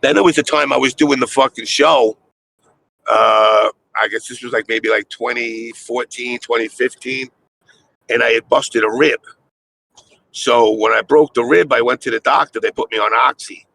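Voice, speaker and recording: A man streamer telling a crude story in casual chat, animated, with put-on voices for the people in it. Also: medium pitch, moderate pace, gravelly, slight background noise, poor audio.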